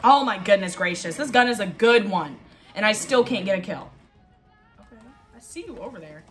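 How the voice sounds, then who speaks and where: A woman playing a shooter game and talking to herself as she goes. She is excitable, keeps repeating short phrases, and yelps and laughs at what happens on screen. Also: medium pitch, normal speed, soft background music. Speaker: gaming video host. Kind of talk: live gameplay commentary.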